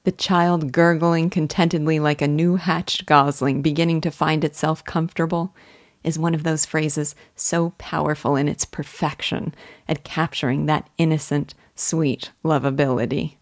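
A woman's voice: sits low, level tone, no room sound, clean studio sound. A woman giving earnest, admiring scripted commentary on a classic novel as a literature guide. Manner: earnest, admiring, measured reading.

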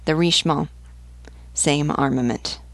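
A woman's voice: sits low, a little slow, no echo. A woman reading as a matter-of-fact ship's pilot. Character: knowledgeable male ship's pilot.

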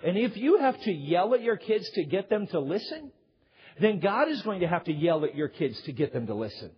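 A man preaching a sermon to a congregation as a pastor, telling family stories in an animated way. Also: high-pitched, a little fast. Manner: animated storyteller, acts out yelling quotes. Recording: dull sound with long hall reverb.

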